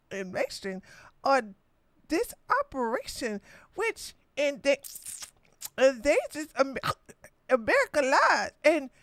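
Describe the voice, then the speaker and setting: A woman's voice: high-pitched, dry recording, exaggerated voice. A woman doing a drunk, slurring elderly woman politician. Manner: slurred, halting reading with stumbles.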